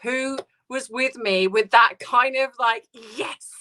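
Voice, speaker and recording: A woman hosting a live stream, grieving and close to tears, talking haltingly and greeting viewers by name. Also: fairly high pitch, bright, forceful tone. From United Kingdom. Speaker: livestream host. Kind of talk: emotional casual livestream chat.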